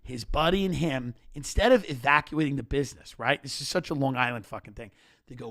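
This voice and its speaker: A man hosting a comedy podcast, telling stories in animated rants with frequent restarts. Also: medium pitch, brisk.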